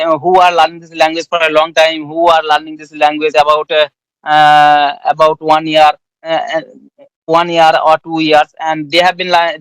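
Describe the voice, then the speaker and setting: A man's voice: on the high side, fairly bright tone, clean tone, no room sound, rough recording. A man with an Indian accent interviewing a guest in casual English practice, hesitant with many fillers and restarts.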